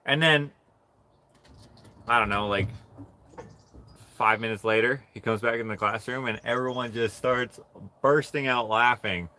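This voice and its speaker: Casual male streamer, slow and unhurried, bright tone, laughs through his stories, faint room hum behind. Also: mid-range voice, steady tone. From Canada. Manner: rambling, keeps laughing mid-story. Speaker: livestream host. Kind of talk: casual storytelling on a livestream.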